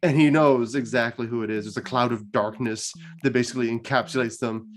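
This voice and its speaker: A man's voice: medium pitch, fairly even intonation, brisk. A man hosting a gaming channel, retelling a story casually and chattily, with lots of filler words.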